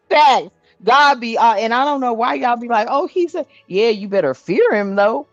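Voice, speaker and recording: Cussing, lively woman card reader. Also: on the high side, measured pace, no room sound, muffled recording, faint music behind. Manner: blunt, profane and animated, laughing often. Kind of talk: casual channelled card reading.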